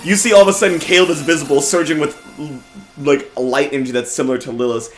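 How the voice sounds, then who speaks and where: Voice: medium pitch, steady tone, fast, faint music behind. A game master casually narrating a tabletop role-play game with plenty of fillers.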